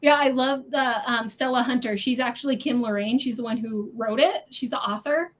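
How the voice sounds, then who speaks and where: High-voiced gushing book club host woman. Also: normal speed. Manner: gushing and animated. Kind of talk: casual group video chat.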